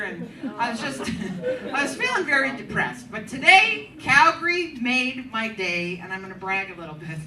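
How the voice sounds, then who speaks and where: A woman in her fifties performs a brash, profane stand-up set on a comedy club stage, doing crowd work before a live audience. Her fairly high voice comes from a distant mic, with roomy club sound and loud laughter from the crowd.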